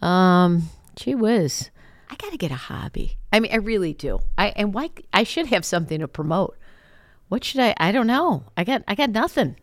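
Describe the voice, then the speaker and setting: A woman's voice: mid-range voice, big pitch swings, normal speed, dry recording, clean studio sound. A woman, a morning TV anchor, chatting casually as a podcast guest. She is self-deprecating, laughs often and rambles through restarts.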